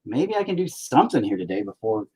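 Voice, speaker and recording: A man's voice: mid-range voice, very animated, fast talker, darkish tone, husky. A middle-aged man chatting casually on his vlog, rambling, swearing and sarcastic. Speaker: vlogger, band vocalist.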